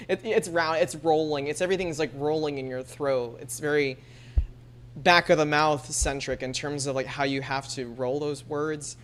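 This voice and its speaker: Low-voiced woman streaming, chatty and laughing a lot. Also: steady tone, moderate pace, slight background noise. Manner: chatty, laughing often, many fillers. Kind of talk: casual chat.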